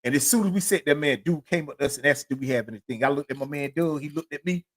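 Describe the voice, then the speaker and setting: Middle-aged male podcast host, profane and rambling storyteller, sits a little high in pitch. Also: fast. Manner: rambling, profane, constant filler phrases. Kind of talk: solo storytelling monologue.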